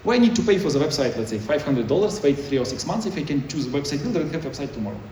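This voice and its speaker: A man's voice: a little high, big pitch swings, very fast, darkish tone, slight background noise. A man giving a conference talk in choppy, non-native English, with many restarts. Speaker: conference speaker. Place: conference hall. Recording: echoey hall, mic far off.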